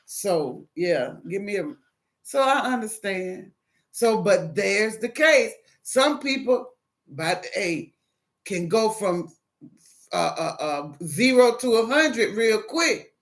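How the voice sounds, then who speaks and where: A woman with a Southern US accent giving a casual devotional talk, animated and preachy, acting out phone calls as she goes. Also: medium pitch, slow. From American South. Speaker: Christian single encouraging viewers.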